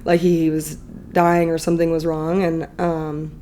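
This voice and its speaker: A woman's voice: low-pitched, flat delivery, moderate pace, dark tone, slight background noise. A woman in her thirties, a podcast guest, telling a personal story candidly in a chatty, emotional way full of fillers.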